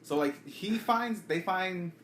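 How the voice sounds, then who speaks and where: A man chatting casually on a podcast, recapping a comic book in a rapid, profane way. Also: sits high, lively intonation, a bit bright, a little hiss or hum. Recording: echoey room.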